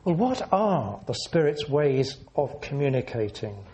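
A man preaching a sermon in an earnest, measured teaching manner, leaning into words for emphasis. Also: medium pitch, very animated, a little mellow, a little hiss or hum.

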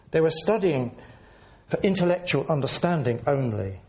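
A man preaching a sermon in an earnest, measured teaching manner, leaning into words for emphasis. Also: on the high side, darkish tone.

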